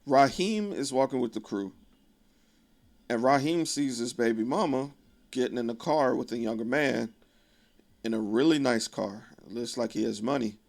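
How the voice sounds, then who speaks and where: Gravelly man casually recapping a film. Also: medium pitch, moderate pace, a little mellow. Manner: profane, conversational, wry asides. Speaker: video creator.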